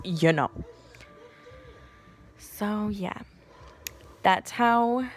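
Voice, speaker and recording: A young woman vlogging casually at home, telling a story with a sassy, profane, animated manner. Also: mid-range voice. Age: young adult.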